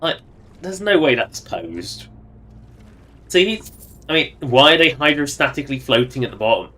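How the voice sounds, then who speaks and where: A man's voice: medium pitch, sing-song, normal speed, pauses often, sharp tone. A man giving casual, joking commentary while livestreaming a game and talking to its characters. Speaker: streamer.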